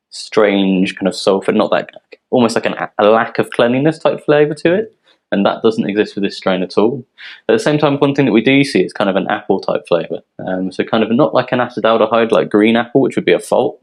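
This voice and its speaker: A man from a yeast company presenting technical details in a relaxed, explanatory way, with frequent ums. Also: on the low side, low-quality recording. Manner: explanatory, filler-heavy, relaxed.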